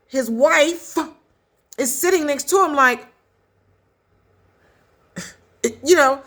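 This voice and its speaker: A woman casually recapping a story in a chatty, animated way, with quick asides. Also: high voice. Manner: chatty, animated retelling with acted quotes. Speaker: commentator recapping a skit.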